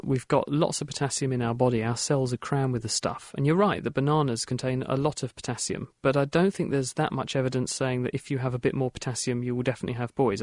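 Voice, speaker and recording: A man hosting a radio science show, explaining answers in a brisk, plain-spoken way. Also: medium pitch, dry recording, studio quality. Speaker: host.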